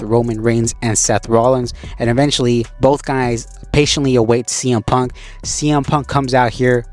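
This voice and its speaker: A man's voice: mid-range voice, darkish tone. A man hosting a casual spoken recap, talking loosely and conversationally with frequent fillers. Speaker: wrestling show recap host.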